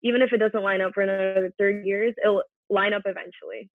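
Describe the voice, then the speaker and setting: A woman's voice: mid-range voice, steady tone, fast talker, no room sound. Twenties woman podcast guest, earnest and reflective, sounds like she's on a tinny phone call, super dry. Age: 20s. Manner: earnest and reflective, talking through feelings openly. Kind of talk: casual podcast conversation.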